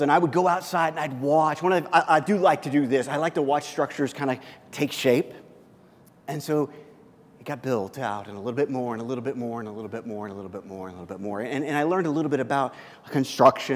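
Man preaching in a reverberant hall. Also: on the high side. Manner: storytelling with many restarts, shifting from loud to hushed. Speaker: pastor. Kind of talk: sermon.

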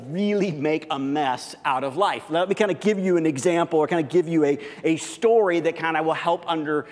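Pastor with a slightly high voice in a reverberant hall. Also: male voice. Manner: informal, heavy on fillers, acts out everyday dialogue. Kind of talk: conversational sermon. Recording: long hall reverb in a church.

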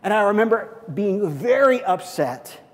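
Preaching pastor in a reverberant hall. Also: male voice, high-pitched, big pitch swings, measured pace. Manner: swings from loud emphatic preaching to hushed near-whispers. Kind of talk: sermon.

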